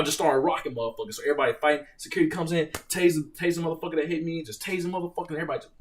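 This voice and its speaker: A young man hosting a casual live Q&A, reading out viewer questions and telling stories in an animated, profane way. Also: a little high, very fast, hardly any pauses, distant mic, background noise. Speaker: live stream host, Marine veteran.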